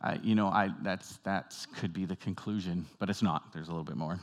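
A man preaching a sermon to his congregation, moving between loud, emphatic lines and quiet, hushed ones, and asking the room questions. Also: low-pitched, fairly quick. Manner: dynamic, swings from loud emphatic to soft hushed; talks directly to the congregation with questions. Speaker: pastor.

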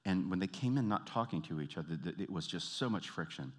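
A man with a deep, low voice delivers a storytelling sermon. He recounts a counseling session, playing out each person's lines with lively shifts, then softens into close, earnest appeals to the congregation. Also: fairly quick, husky. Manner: animated storyteller, acts out quoted voices, drops to soft intimate appeals. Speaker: pastor and counselor.

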